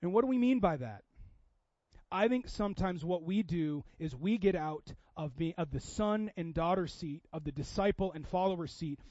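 Here a high-voiced Seattle man preaches in a personal, talkative manner, restarting repeatedly and swinging from loud emphasis to quiet asides. The sound is a dry recording, somewhat dull and lo-fi. He is a pastor.

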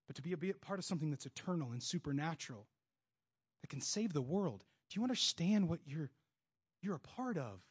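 A man preaching a sermon with passion, moving between loud bursts and hushed stretches. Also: sits high. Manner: acts out God's voice and inner voices in quotes. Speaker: pastor. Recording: dull lo-fi sound.

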